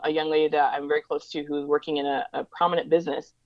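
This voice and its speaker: Woman guest in an interview, speaking quickly on a lower register, dull lo-fi sound. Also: flat delivery, no echo. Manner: fast, emphatic, acts out quoted voices. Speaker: interview guest, diversity educator. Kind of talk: conversational interview storytelling.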